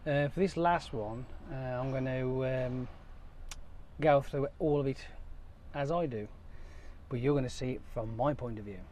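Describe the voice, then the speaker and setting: A man's voice: medium pitch, unhurried. A man driving a lorry, giving a jokey, chatty running commentary and swearing freely. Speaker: lorry driver vlogger. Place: lorry cab. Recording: loud engine and road noise.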